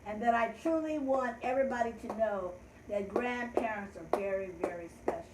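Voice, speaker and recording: An older woman hosting a children's learning show, leading a calendar lesson in slow, encouraging teacher talk with cheerful call-outs. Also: on the high side, reverberant, heavy background noise.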